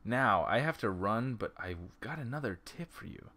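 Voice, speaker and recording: A man's voice: lowish voice, expressive, moderate pace, sharp tone, a little hiss or hum. Man reading as a teasing geeky young woman.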